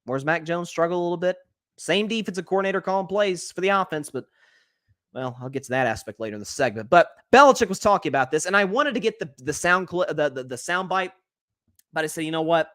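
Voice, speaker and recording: Animated opinionated sports host, man. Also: high voice. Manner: animated, opinionated, talks fast with restarts. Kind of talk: solo sports commentary.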